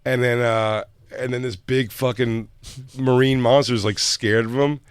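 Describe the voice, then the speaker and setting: A man's voice: mid-range voice, measured pace, clear, resonant tone. A man co-hosting a loose comedy talk show, joking around and jumping into silly voices. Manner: loud, animated, slips into silly voices for bits. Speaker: co-host. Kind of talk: casual comedic chat.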